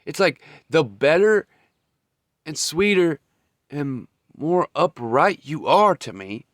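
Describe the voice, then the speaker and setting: A man's voice: a little high, dry recording, studio quality. A man giving a blunt, profane, heated monologue as a vlogger. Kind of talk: ranting monologue.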